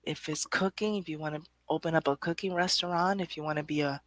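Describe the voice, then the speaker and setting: A woman's voice: low voice, steady tone, quick pace, no room sound. A woman hosting a poetry show, giving a rambling, conversational motivational talk straight to her audience with frequent laughter. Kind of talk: motivational monologue.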